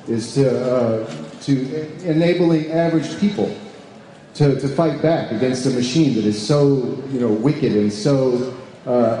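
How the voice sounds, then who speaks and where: A man's voice: medium pitch, dark tone. A man giving a speech to a live audience as an advocacy group's deputy director, with many fillers and restarts, often asking the room questions. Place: large echoey room with an audience. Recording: roomy hall reverb, faint background noise.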